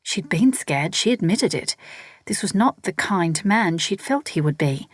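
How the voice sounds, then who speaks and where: A woman narrating a novel in a steady storytelling read. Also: lowish voice, a little slow, husky, no room sound, clean studio sound. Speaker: audiobook narrator. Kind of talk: scripted narration.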